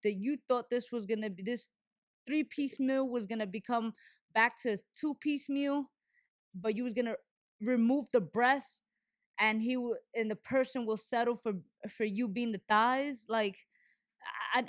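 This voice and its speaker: A woman's voice: fairly high pitch, moderate pace, no room sound, studio quality. A young adult woman hosting a show, talking candidly and animatedly in a casual monologue, with frequent restarts and fillers. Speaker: show host.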